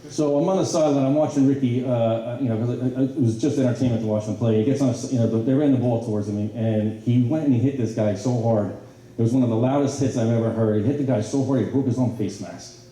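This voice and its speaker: Middle-aged man, banquet speech, dark mellow voice, heard from afar in a booming hall. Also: fast. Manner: animated storytelling with many fillers and restarts. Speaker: former player giving a banquet speech. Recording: very echoey hall from a distance.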